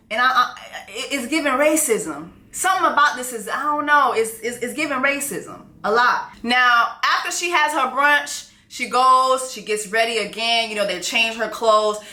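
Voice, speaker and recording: A brash woman recapping a show in loose, profane, animated storytelling. Her voice sits a little high and sounds very bright, and the room adds a clear echo. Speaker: YouTube recap host.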